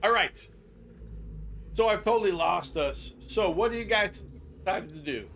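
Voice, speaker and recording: Older man game master, a bit high. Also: measured pace, creaky. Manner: relaxed, rambling, chuckling. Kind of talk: running a tabletop game over voice chat. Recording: noisy voice-chat recording.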